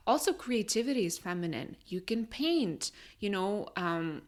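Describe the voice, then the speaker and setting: A woman's voice: medium pitch, expressive, unhurried. A woman co-hosting a podcast in casual conversation, chatty and upbeat, peppering her talk with "you know" and "right?", English not her first language. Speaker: podcast co-host.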